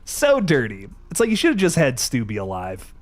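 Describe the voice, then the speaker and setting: A man's voice: mid-range voice, wildly swooping pitch, moderate pace. Young adult man, horror stream host, laid-back, swears a lot, faint music behind. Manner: laid-back, swears often, many restarts. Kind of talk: casual livestream chat.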